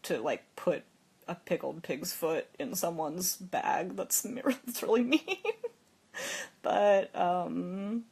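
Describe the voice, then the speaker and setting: A woman's voice: fairly low pitch, slow pace, gravelly, darkish tone, breathy edge. A young woman hosting a phone livestream, telling a story in a chatty, casual way with lots of "like" and frequent laughs. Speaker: livestream host.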